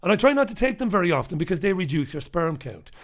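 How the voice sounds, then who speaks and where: A man with a high, sing-song voice talks at a quick pace while hosting a live news review show. Reviewing the papers alone for his audience, he is impassioned and emphatic, repeating points for weight, speaking bluntly, and swearing now and then.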